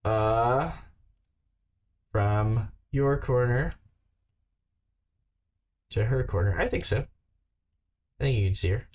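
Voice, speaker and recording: A man running a tabletop game as game master, relaxed and halting, with many fillers. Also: medium pitch, muffled recording.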